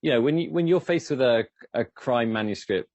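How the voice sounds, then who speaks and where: A man's voice: mid-range voice, animated, fairly quick, darkish tone, no room sound, highs cut off. A man from the UK co-hosting a livestream and asking questions with lots of hesitations. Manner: hesitant, many fillers and restarts. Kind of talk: livestream interview.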